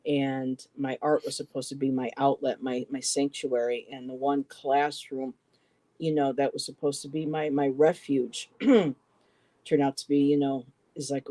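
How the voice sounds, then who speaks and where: A middle-aged man telling a personal story in a halting way, repeating words and quoting what others said. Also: medium pitch, level tone, dark tone. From western New York, US. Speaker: poetry show co-host.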